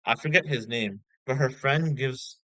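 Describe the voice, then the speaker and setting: A man's voice: medium pitch, a little slow, a bit bright, no room sound, poor audio. A man giving a casual spoken movie review, rambling and slangy, full of fillers like "bro".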